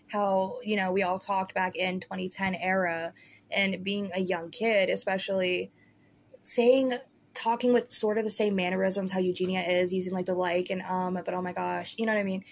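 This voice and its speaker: A woman's voice: medium pitch, a little hiss or hum. A woman hosting a casual commentary vlog, talking in a chatty, rambling way full of "like" and "you know". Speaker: commentary host.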